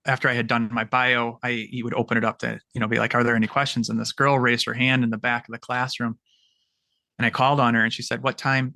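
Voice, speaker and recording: Bright-voiced veteran man telling stories. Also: medium pitch, gravelly, dry recording. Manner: halting, repeats words while recounting. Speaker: military veteran guest. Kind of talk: casual podcast storytelling.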